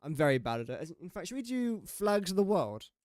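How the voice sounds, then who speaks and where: A young English man streams a game, chatting away and joking about his own guesses while thinking out loud. His high-pitched voice is very animated, a little fast and slightly mellow. The recording is studio quality with no echo.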